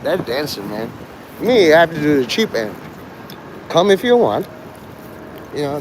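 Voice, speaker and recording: A man's voice: on the high side, lively intonation, normal speed, pauses often, background noise. A man vlogging outdoors in a city street, rambling with sardonic asides. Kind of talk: rambling live street vlog.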